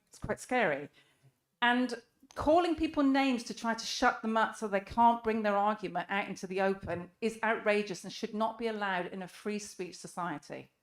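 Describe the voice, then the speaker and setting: A middle-aged woman speaking at a live public debate, earnest and emphatic, firing off rhetorical questions. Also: on the high side. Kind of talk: impassioned public speech. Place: live event in a room.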